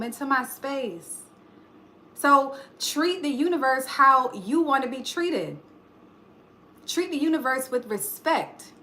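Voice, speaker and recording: A woman's voice: high voice, bright, forceful tone. A woman doing a live tarot reading, speaking emphatically in a preachy motivational way and swearing casually. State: choked up. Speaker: tarot reader.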